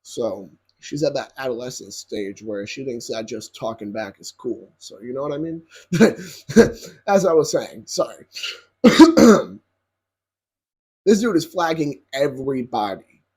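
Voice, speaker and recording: A young man telling a story to his viewers in a casual, profane, animated way, often checking in with "right?". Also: mid-range voice, a little slow, long pauses, slightly rough.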